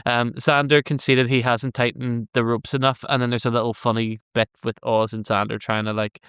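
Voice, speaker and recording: A man's voice: medium pitch, flat delivery, normal speed, a bit bright, clear, resonant tone, no echo, clean studio sound. A man co-hosting a podcast, recapping an episode in casual, sweary chat and laughing often. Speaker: podcast co-host.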